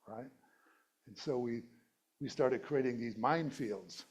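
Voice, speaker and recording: A man's voice: mid-range voice, animated, normal speed, a little mellow. A middle-aged male minister giving a conversational, playful sermon and laughing at his own jokes. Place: church sanctuary.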